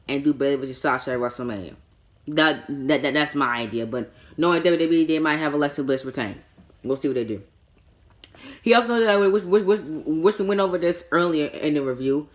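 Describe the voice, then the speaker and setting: A man with a fairly bright voice on the high side gives a casual spoken review of a show. He rambles, stammers into frequent restarts and repeated words, and breaks into exasperated mini-rants.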